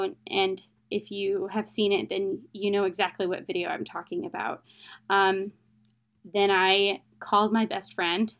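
A woman's voice: medium pitch, a bit bright. A young adult woman, an interview guest, telling a personal story in a candid, emotional, plain-spoken way.

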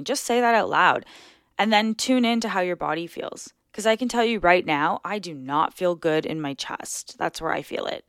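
A woman's voice: mid-range voice, lively intonation, normal speed, smooth, no echo, studio quality. A woman hosting a solo podcast, talking casually and earnestly as she coaches her listeners through their thinking. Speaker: podcast host.

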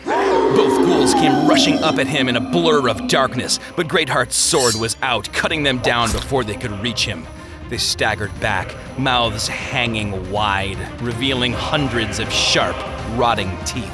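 A man reading a story aloud as narrator, with an expressive delivery. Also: medium pitch, measured pace, over loud music.

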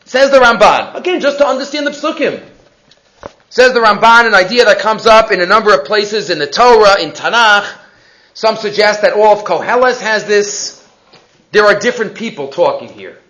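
A man gives a weekly Torah portion lesson in a strikingly high voice. He teaches with animation and poses rhetorical question after question. Hebrew phrases run all through his English explanations. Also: expressive, normal speed, bright, forceful tone, rough recording.

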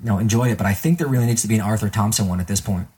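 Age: adult. Sex: man. Style: chatty, halting podcast banter. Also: lowish voice, a little mellow. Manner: chatty, halting, repeats words. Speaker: podcast co-host. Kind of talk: casual chat.

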